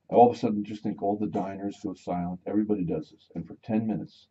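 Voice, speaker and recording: A man's voice: on the low side, steady tone, fast talker, slightly rough. A male radio talk show host chatting casually, rambling and going off on tangents as he repeats himself. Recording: dull lo-fi radio studio sound.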